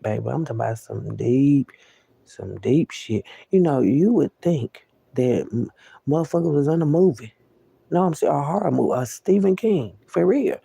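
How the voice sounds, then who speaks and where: A woman's voice: on the low side, gravelly, dark tone, slightly rough, dry recording. A woman delivering an unscripted monologue rant to the camera, profane and preachy, with repeated words for emphasis, often calling listeners "baby.". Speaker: vlogger.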